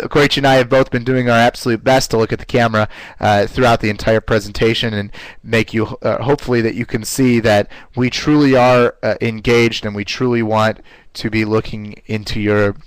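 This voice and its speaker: A man teaching a live online class in an upbeat, conversational way, often pausing with "uh" fillers. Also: steady tone, no room sound, low-quality recording. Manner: playfully shifts pitch to demonstrate voice technique. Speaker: webinar presenter.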